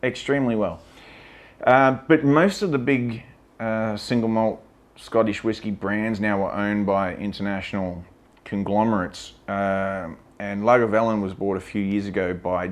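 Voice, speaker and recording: A man's voice: on the low side, fairly even intonation, a little slow. A man giving a casual, opinionated whisky tasting talk, blunt and sweary, chatty with plenty of fillers. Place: lives in Vietnam.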